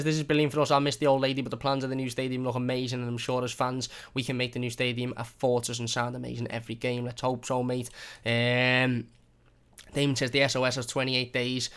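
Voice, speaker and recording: A man's voice: medium pitch, fairly bright tone, clear, resonant tone. A young man hosting a football fan live stream, reading out viewer comments and thanking them in a chatty, repetitive way. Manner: chatty, thankful, repeats phrases. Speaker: fan channel host.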